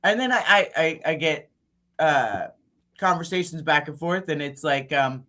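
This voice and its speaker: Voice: medium pitch, moderate pace. A co-host teasing a guest in a casual chat. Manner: teasing, lively.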